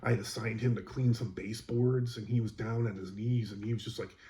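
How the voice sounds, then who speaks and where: Mellow-voiced man telling a work story. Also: on the low side, steady tone, brisk. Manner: rambling, exasperated recounting with many fillers. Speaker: school custodian. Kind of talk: casual storytelling.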